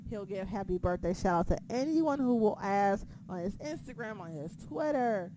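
A young woman co-hosting a casual wrestling chat, excitable and profane, laughing often. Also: medium pitch, normal speed, slight background noise, low-quality recording.

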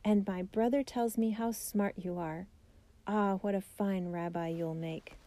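A woman's voice: medium pitch, fairly even intonation, a little slow, warm tone, no room sound, close to an everyday voice. A woman voicing a proud, doting elderly grandmother in a storybook biography, exclaiming with admiration. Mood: admiring.

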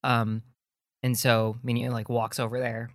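A woman's voice: extremely low pitch, little pitch movement, measured pace, dry recording, clean studio sound. A woman co-hosting a podcast who retells a story casually, with plenty of ums. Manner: easygoing, filler-heavy retelling. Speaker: podcast co-host. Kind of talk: casual plot recap.

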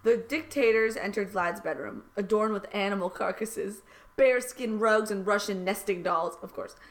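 A woman reading a raunchy satirical story aloud with dry, deadpan delivery. Her pitch sits in a mid range. She banters casually between passages of the comic read-aloud. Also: normal speed. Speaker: podcast co-host reading fan fiction aloud.

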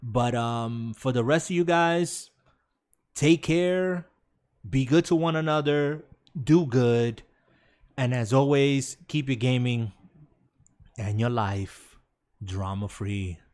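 A man's voice: mid-range voice, takes it slowly, pauses often, a little mellow. A man hosting a casual gaming podcast live stream, reading chat comments aloud in a laid-back way. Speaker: podcast host.

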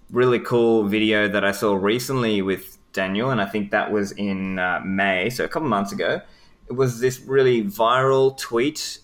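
A man hosting a podcast interview, asking relaxed, friendly questions with the occasional filler. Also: fairly low pitch. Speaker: podcast host. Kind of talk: casual interview.

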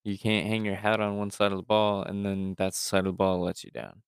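A man's voice: lowish voice, level tone, brisk, smooth, dry recording, clean studio sound. A young man co-hosting a sports podcast, ranting emphatically with fillers. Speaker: podcast co-host. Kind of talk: casual sports chat.

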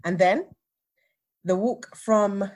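A woman, telling a personal story in a casual chat with lively, acted-out retellings. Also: mid-range voice, slow. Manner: animated, acts out others' lines. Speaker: podcast guest, teacher.

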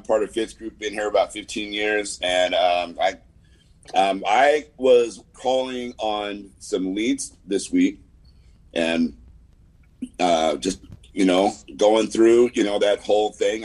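With poor audio, a lowish, slightly mellow voice carries a San Fernando Valley man's weekly report as an insurance agent, in a Southern Californian accent. He gives the sales update over a video call, laid-back and meandering, leaning on fillers and "man."

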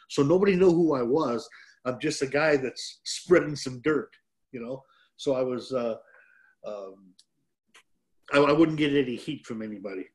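A man's voice: mid-range voice, moderate pace, long pauses, a little mellow. An older man from Detroit, a former pro wrestler, telling a rambling, self-deprecating story as a guest on a chat show. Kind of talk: casual storytelling.

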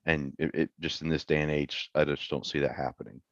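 Very deep-voiced man, dry sarcastic chat. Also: steady tone, fairly quick, fairly bright tone, dry recording. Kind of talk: casual sports chat. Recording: dull lo-fi mic.

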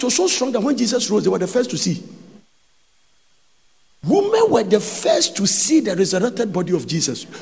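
Animated high-voiced Ghanaian preacher. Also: male voice, creaky. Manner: preaching with sudden shouts and sung phrases. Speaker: pastor. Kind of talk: sermon. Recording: long hall reverb.

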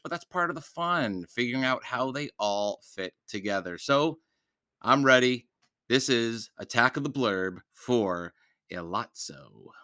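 A man's voice: mid-range voice, sharp tone, no echo. A man hosting a book podcast, chatting casually with lots of fillers and restarts, answering listener mail. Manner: chatty, rambling with many fillers. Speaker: podcast host reading books aloud; teacher.

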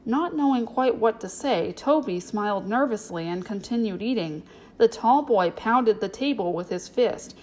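A woman narrating a storybook in a steady, clear way. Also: fairly high pitch, moderate pace, rough recording. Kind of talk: storybook reading.

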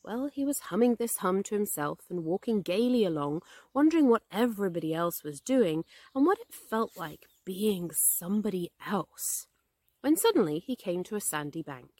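A woman podcast host reading a children's story aloud, gentle and expressive. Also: medium pitch, moderate pace, no room sound. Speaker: podcast host and English teacher.

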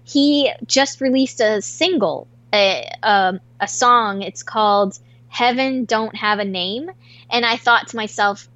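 A woman's voice: mid-range voice, fairly bright tone, no room sound. A woman in her thirties co-hosting a podcast, chatting casually and rambling a little, with the odd swear word. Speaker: podcast co-host. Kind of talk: casual chat.

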